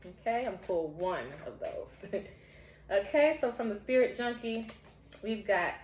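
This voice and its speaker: A woman's voice: mid-range voice, expressive, measured pace, darkish tone, reverberant. A woman giving a casual spiritual tarot reading, heartfelt and encouraging, often breaking into laughter. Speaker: tarot reader.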